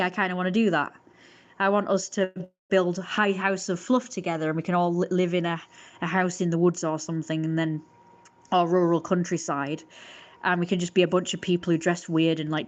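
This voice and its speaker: A young woman chats on her livestream in a loose, rambling way. Her voice sits a little low. She fills her sentences with fillers and often restarts them. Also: fairly even intonation, a little fast. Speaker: livestream host. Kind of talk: casual livestream chat.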